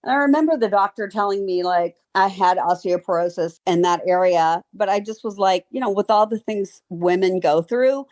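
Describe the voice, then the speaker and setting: A woman's voice: mid-range voice, normal speed, few pauses, a little mellow. A woman in her fifties from the Southern US with a slight Southern accent, chatting in a friendly way as a podcast guest. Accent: slight Southern American. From Baton Rouge, Louisiana. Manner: friendly, chatty, laughs easily. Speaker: guest, former model and author. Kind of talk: casual interview chat.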